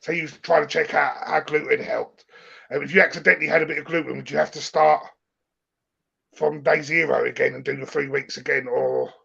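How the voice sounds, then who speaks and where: A woman hosting an interview who asks quick, curious questions. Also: low-pitched, steady tone, creaky, fairly bright tone, breathy edge. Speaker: host. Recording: dull lo-fi sound.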